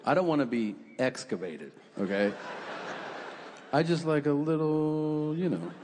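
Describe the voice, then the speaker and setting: A man's voice: fairly high pitch, animated, unhurried, background noise. A man doing stand-up comedy, telling crude, profane stories in a conversational way and acting out what people said. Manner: crude, profane, conversational storyteller who acts out quotes. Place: comedy venue stage before a live audience. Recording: reverberant hall with crowd ambience.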